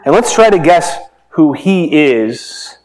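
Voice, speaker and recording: A male pastor preaching with a lively, swinging voice that rises high when he asks questions and drops low and quiet as he retells the story. He talks to the congregation directly and keeps the tone conversational. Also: takes it slowly. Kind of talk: sermon.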